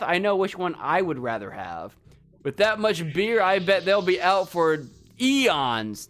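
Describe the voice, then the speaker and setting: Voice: mid-range voice, a bit bright. A streamer giving playful, rambling commentary while playing a video game live and talking to chat.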